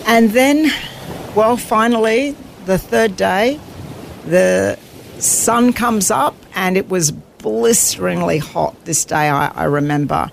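A woman's voice: mid-range voice, animated, slow pace, vocal fry, a little hiss or hum. A woman telling an earnest, vivid story of surviving at sea, quoting her own thoughts as she goes. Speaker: guest, author recounting survival at sea. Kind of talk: storytelling interview.

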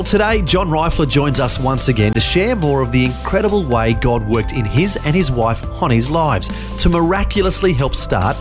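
A man with an Australian accent introducing a radio story program from a script. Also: medium pitch. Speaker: radio host.

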